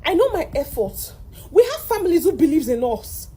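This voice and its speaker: Shrill, distraught young Nigerian woman. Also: sing-song, normal speed, warm tone. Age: young adult. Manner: distraught, exclaiming, repeating herself. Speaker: exam candidate. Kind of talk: complaint video.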